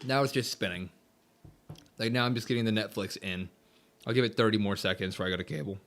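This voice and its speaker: A man's voice: lowish voice, fast talker, a bit bright. A man hosting a casual live stream, chatting loosely, reading out viewer comments and grumbling as he sets things up. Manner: chatty, reads viewer comments aloud, grumbles about tech. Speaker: livestream host.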